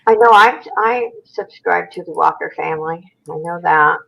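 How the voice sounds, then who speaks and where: A woman's voice: on the low side, moderate pace, creaky, fairly bright tone, poor audio. A woman in her seventies chatting as a guest on a livestream over a phone video call, giving brief, agreeable replies. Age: 70s. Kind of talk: casual livestream chat.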